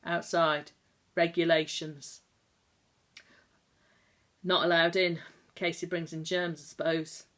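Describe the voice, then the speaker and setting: A blunt old countryman with a gruff, steady manner and homely rustic phrasing, put on by a woman reading a storybook. The voice sits low, a touch louder and firmer than the narration around it. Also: slow, pauses often. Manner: blunt, plain-spoken, rustic turns of phrase.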